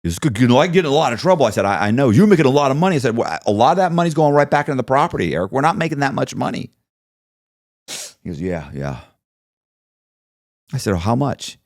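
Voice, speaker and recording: A man's voice: medium pitch, big pitch swings, quick pace, pauses often, no room sound, studio quality. A man telling a story in a casual interview, acting out both sides of the conversations he recounts. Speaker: podcast guest telling his story.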